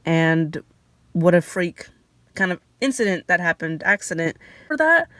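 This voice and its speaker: A young woman vlogger telling childhood stories in a chatty, lively way, with laughs and fillers. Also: on the low side, a little slow, dry recording, clean studio sound. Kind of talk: casual storytelling.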